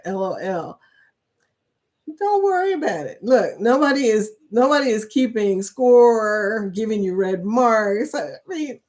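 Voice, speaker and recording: Laughing woman hosting a relaxed live chat. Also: mid-range voice. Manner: laughs often, reads viewer comments aloud. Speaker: livestream chat host. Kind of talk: casual live chat reading comments.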